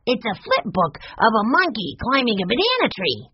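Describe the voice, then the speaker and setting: A storybook narrator voicing an eager, excitable little boy in a raised, high-pitched voice, in a dull lo-fi recording. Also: normal speed, a little hiss or hum.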